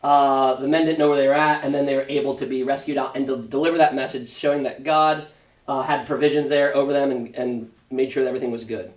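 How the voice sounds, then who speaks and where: A man's voice: mid-range voice, little pitch movement, fast talker. A man, a pastor, teaching a Sunday school Bible study in a conversational way, with rhetorical questions and fillers. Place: church classroom. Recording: roomy church room, mic at a distance.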